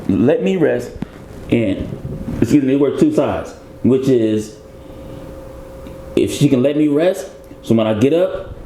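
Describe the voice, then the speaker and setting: A man's voice: medium pitch, warm tone. A man, a guest in a casual interview, talking in a laid-back, rambling way and laughing as he jokes. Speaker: interview guest, actor and comedian. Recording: roomy echo with faint background noise.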